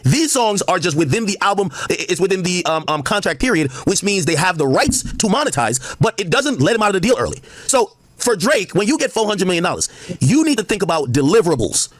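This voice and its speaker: A man's voice: high voice, sing-song, fairly quick, no echo. A man in a heated live-stream debate, explaining insistently and talking over others.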